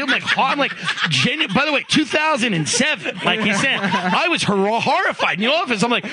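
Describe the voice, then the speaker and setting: High, bright-voiced guy. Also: brisk, hardly any pauses, a little hiss or hum. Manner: animated storyteller, mimics people in voices. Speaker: podcast host. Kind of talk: casual comedic chat.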